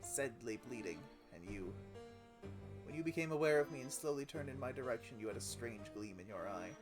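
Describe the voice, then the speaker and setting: A man's voice: medium pitch, lively intonation, fairly quick. Man giving a dramatic story reading. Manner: emotive, with sudden loud outcries on names. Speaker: streamer reading a game story aloud. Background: music.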